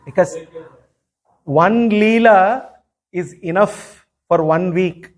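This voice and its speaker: A man, a spiritual teacher animatedly retelling a scripture story with many "you know" asides. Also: sits high.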